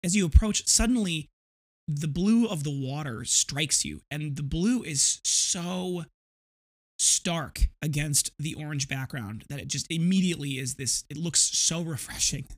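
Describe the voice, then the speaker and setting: A man's voice: on the high side, measured pace. A man in his thirties hosting a podcast, telling a rambling, vivid story with frequent restarts. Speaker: podcast host. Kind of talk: casual storytelling monologue.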